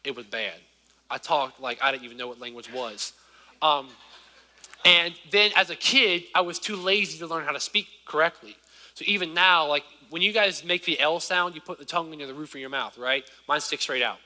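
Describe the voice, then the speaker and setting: A young male preacher with a lisp delivers an energetic sermon in a high, very bright voice. He moves between loud exhortation and hushed asides. The church hall rings with a long reverb. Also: moderate pace. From Southern Virginia, US. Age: 20s. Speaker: youth preacher. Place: church sanctuary.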